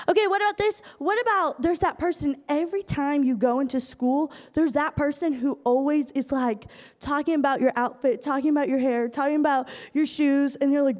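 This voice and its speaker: A young woman from Iowa giving a lively youth group talk, telling stories with acted asides. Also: sits high, normal speed. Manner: animated storytelling with acted asides. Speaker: youth speaker. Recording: hall reverb from a live room.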